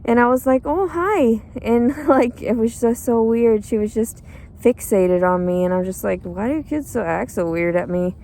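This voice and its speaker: A woman's voice: a little high, moderate pace, warm tone. A tired, cranky woman rambling in a bitter, crude, profane monologue outdoors. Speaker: pregnant homeless woman.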